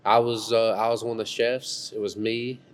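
A man's voice: on the low side, flat delivery, moderate pace, over a noisy crowd. A man hosting a podcast, steering an easygoing chat. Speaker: podcast host. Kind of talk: casual chat.

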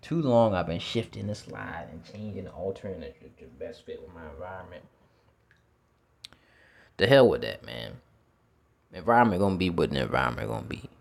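Low-voiced man musing outdoors. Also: expressive, normal speed, gravelly, pauses often. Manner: reflective, repeats words, swears casually. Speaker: teacher. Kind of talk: casual spoken monologue. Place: outdoors with feet in water.

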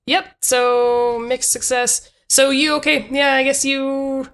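A young woman runs a comedy tabletop game, narrating with plenty of ums and pauses. Her voice sits a little high. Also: little pitch movement, a bit bright. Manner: hesitant, lots of ums, laughs easily. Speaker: game master.

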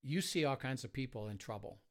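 Soft-spoken man telling a story. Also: mid-range voice, expressive, a little fast. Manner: soft-spoken, many fillers, acts out quotes. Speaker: marriage ministry leader. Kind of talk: storytelling in an interview.

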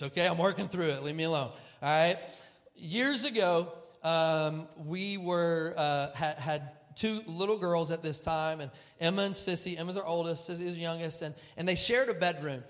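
A male pastor preaching with a personal story, animated and self-deprecating, moving between loud outbursts and hushed, serious moments. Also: a little high, normal speed. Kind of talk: sermon storytelling.

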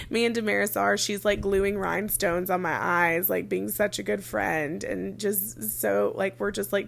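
Chatty young woman with a gravelly edge. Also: mid-range voice, fairly bright tone, slight background noise. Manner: chatty, frequent "like" fillers, casual swearing. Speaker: vlogger. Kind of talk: casual storytelling.

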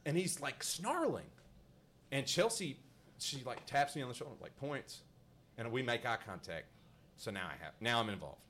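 A man's voice: mid-range voice, normal speed. A male podcast host telling a story in casual chat, laughing often and acting out the voices of the people in it. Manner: animated, laughing, acts out voices in his anecdotes.

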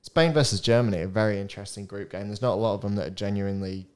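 A man's voice: lowish voice, racing, darkish tone, clear, resonant tone. A young man hosting a casual podcast chat, reading out score predictions and laughing often. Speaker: podcast host.

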